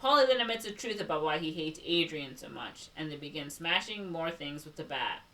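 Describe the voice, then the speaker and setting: A woman's voice: low-pitched, animated, brisk, pushed and bright, distant mic, low-quality recording. Chicago woman recapping a movie, a bit off-mic. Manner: reads a plot summary aloud with sarcastic asides and laughs. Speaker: podcast co-host. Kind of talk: casual movie recap podcast.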